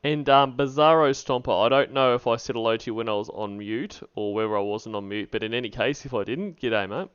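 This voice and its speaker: A man hosting a livestream, talking casually and haltingly with lots of ums. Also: mid-range voice, a bit bright, smooth, no echo, muffled recording. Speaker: stream host.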